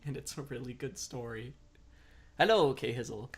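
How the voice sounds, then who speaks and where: A man's voice: mid-range voice, lively intonation, moderate pace. A man chatting casually as a streamer while playing a game, rambling and self-deprecating. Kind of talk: casual gameplay commentary.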